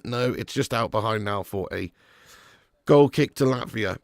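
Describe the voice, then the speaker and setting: Chatty man with a gravelly voice. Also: lowish voice, unhurried, no echo, studio quality. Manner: chatty and sarcastic, greets viewers by name. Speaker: watch-along host. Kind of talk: live football watch-along commentary and chat.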